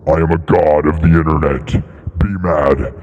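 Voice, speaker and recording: A man putting on a very deep, slow voice as a boastful, self-proclaimed god of the internet. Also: fairly even intonation, lo-fi sound. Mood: gloating.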